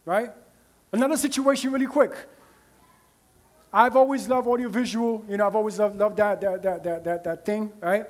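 A man's voice: high voice, fairly even intonation, moderate pace. A man preaching a sermon as pastor, in a conversational style with frequent "right?" asides to the congregation.

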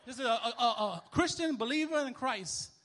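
A young man preaching a sermon as a minister, telling a story in casual, animated street talk. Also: very high-pitched, normal speed, long reverb tail.

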